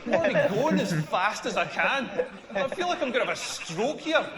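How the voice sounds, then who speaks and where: A Scottish man in his forties, loud and self-mocking as he delivers a stand-up set. His voice sits high for a man and rings out across a long, echoey hall. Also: sing-song, a little fast, a crowd in the background. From Scotland. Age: 40s. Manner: brash, self-mocking, laughing through punchlines. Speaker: stand-up comedian.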